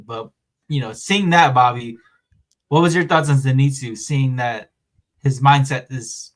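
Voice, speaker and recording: A man's voice: mid-range voice, measured pace. A man hosting a podcast, recapping an anime season in a rambling, casual way with lots of fillers. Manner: rambling, filler-heavy recap with acted-out quotes. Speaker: podcast host.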